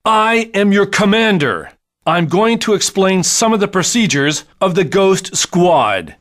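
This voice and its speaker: Brief: a ticked-off game commander, high strained barking, big swoops. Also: male voice, very animated, measured pace, a bit bright, exaggerated voice. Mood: stern. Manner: barked, overemphatic delivery. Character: stern shouting male squad commander.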